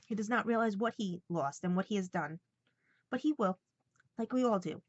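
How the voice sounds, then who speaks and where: A woman talks straight to the camera in a casual vlog. She tells a personal story with feeling and rambles a bit, acting out both sides of a conversation. Her voice sits at an ordinary pitch, and the recording sounds dull, dry and lo-fi. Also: animated, normal speed, no room sound. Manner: emotional, rambling retelling full of quoted dialogue. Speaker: vlogger.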